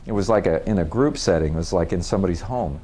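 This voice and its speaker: A man's voice: low-pitched, fast talker, dark tone, a little hiss or hum. A middle-aged man speaking live to an audience at a workshop. He talks in a conversational way, laughs often and restarts his sentences.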